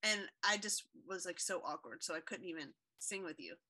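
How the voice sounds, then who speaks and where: Fairly low in pitch, expressive, and sharp in tone, this woman's voice moves at normal speed. She is a podcast co-host in casual conversation who talks freely, laughs a lot, and uses many fillers.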